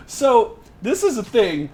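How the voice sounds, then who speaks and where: A man's voice: extremely high pitch, noisy background. A young American man hosting a casual gameplay session, brash and profane, laughing often. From United States. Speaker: gaming channel host.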